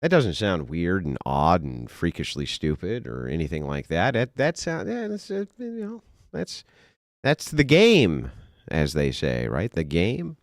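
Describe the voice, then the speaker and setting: A man's voice: deep voice, huge pitch swings, a little slow, dry recording. A man streaming, mocking a clip with dry sarcasm. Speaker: streamer and debate host. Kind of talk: mocking live-stream commentary.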